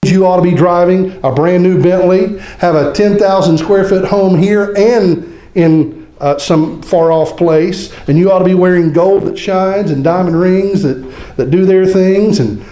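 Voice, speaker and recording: High-voiced pastor guy preaching, jokey and chatty, mellow tone, echoey church. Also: unhurried. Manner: humorous, conversational preaching with mock voices. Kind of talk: sermon. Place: church sanctuary.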